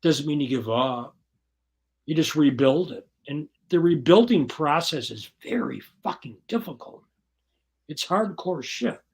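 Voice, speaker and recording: A man's voice: on the high side, expressive, unhurried, vocal fry, breathy edge. Blunt, profane man telling his story. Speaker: guest. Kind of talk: casual interview talk.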